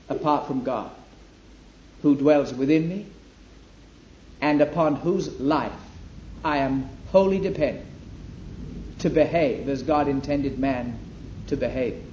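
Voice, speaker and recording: A man preaching a sermon, emphatic, rising to loud declamation when he reads scripture. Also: a little high, a little hiss or hum. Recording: echoey hall, dull lo-fi, faint ambience.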